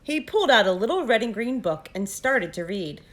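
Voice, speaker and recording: A woman's voice: a little high, very animated, normal speed. Woman narrating a children's storybook. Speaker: guest story reader. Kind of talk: reading a picture book aloud to children.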